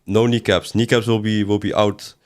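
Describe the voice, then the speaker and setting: A man's voice: on the low side, little pitch movement, moderate pace. A man doing casual livestream commentary as a game streamer, reading chat aloud and answering it in a rambling way with sudden exasperated outbursts.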